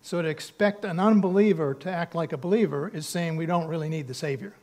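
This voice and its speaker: Male pastor, sermon, earnest and conversational, slightly higher voice, emphatic bursts. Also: brisk, a little mellow. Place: church sanctuary.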